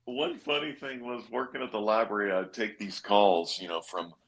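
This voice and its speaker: A man's voice: on the low side, expressive, moderate pace, gravelly, a bit bright. A man chatting casually on a live stream, telling a funny work story.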